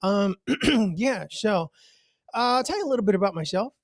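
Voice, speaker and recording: A man doing a stand-up comedy set from home over a video call, animated, jumping up in pitch for the voices he quotes. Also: normal speed, no echo, clean studio sound. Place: home, virtual show.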